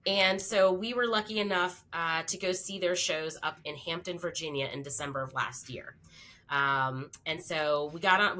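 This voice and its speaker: Fortyish woman guest, low-pitched and bright, rambling animated anecdote. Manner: chatty, animated, many fillers. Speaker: podcast guest. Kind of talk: casual storytelling.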